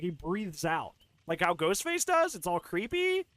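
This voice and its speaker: A man's voice: sits high, big pitch swings, moderate pace, a bit bright, no room sound. A man reacting to a video on stream, ranting in an exasperated, casual way with lots of fillers and restarts.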